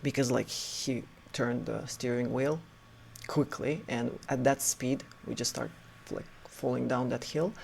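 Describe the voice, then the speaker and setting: A man tells a personal story in a loose, casual way. His voice has a gravelly, creaky edge and sits at a middle pitch. He rambles, restarts his sentences and fills pauses with "like". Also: slight background noise. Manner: rambling, many restarts and "like" fillers; animated retelling with acted quotes.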